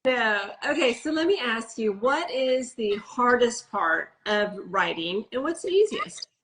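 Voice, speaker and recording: A woman from the American Midwest hosting a casual interview, candid and animated as she tells stories. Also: on the high side, unhurried, slight background noise, poor audio. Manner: candid, animated storyteller, laughs easily. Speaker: interview host.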